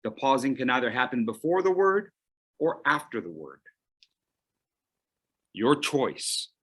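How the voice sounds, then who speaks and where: Very animated and a touch rough, this medium-pitched man leads an online public speaking workshop. His coaching is playful, marked by dramatic pauses and sudden shifts from booming to quiet.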